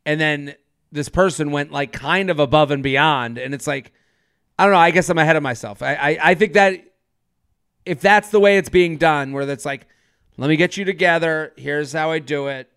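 A man's voice: a little high, moderate pace, a bit bright, clear, resonant tone, no echo, studio quality. A man co-hosting a casual chat, joking and often restarting his sentences. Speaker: podcast co-host.

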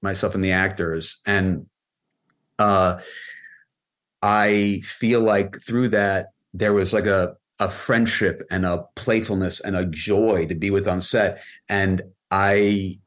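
A very low-voiced man in easygoing podcast conversation. He rambles loosely, circling his points with plenty of "like" and "you know" as he talks through his thoughts. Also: takes it slowly. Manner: relaxed, rambling, frequent "like" fillers. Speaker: film and music video director, guest.

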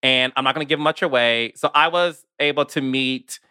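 A man hosting a podcast in casual chat, animated and emotional, often talking fast. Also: medium pitch, clear, resonant tone, no echo, clean studio sound. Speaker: podcast host.

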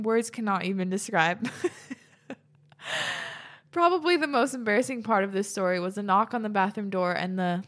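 A young woman host reading listeners' stories aloud and reacting between them, chatty and laughing often, swearing casually. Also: medium pitch.

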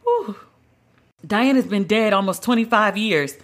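A woman's voice: mid-range voice, animated, a little slow. A woman hosting a solo podcast, talking in a blunt, emphatic, conversational way and drawing out the words she stresses. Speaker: podcast host.

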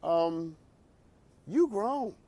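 A man's voice: sits high, extremely slow. A man hosting a talk show, riffing in a casual comedic monologue with preachy asides. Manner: animated, preachy riffs with laughs and asides.

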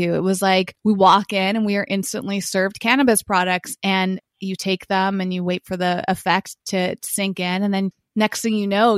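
A woman's voice: medium pitch, clear, resonant tone, no echo, clean studio sound. A woman co-hosting a podcast in casual chat, talking freely and laughing often. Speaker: podcast co-host.

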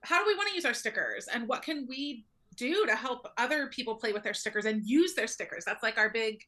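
A young woman from Ohio tells stories in a chatty, upbeat way. Her voice is bright and a touch high, and she laughs easily between thoughts. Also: expressive, fairly quick. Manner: cheerful, chatty, laughs often. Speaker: guest, therapist. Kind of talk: casual interview chat.

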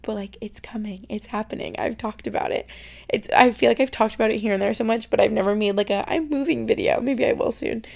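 Chatty young woman with a gravelly fry. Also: a little high, fast. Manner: chatty, uses "like" constantly, drifts into soft near-whispers. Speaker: podcast host. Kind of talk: casual solo podcast chat. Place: her bedroom.

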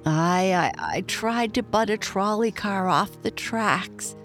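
A woman's voice: mid-range voice, takes it slowly, fairly bright tone, faint music behind, pitched above the performer's own voice. A woman voicing a young male goat in a storybook reading, speaking in a shaky, rueful way. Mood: sheepish.

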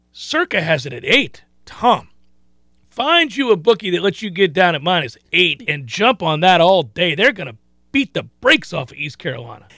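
A man hosting a sports betting radio talk show, emphatic and quick with asides. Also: sits high, pushed and bright, dry recording, studio quality.

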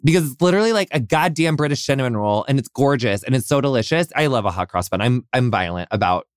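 A man's voice: mid-range voice, lively intonation, fast talker, smooth, dry recording, studio quality. An American man hosting a podcast interview, gushing and effusive, full of fillers and casual swearing. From United States. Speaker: podcast host.

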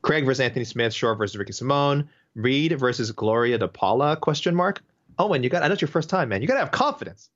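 A chatty man co-hosting a podcast, rambling through listener picks with a lively, swinging delivery. His voice sits at a middling pitch. The audio sounds a little dull and muffled. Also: fast talker. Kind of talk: casual chat.

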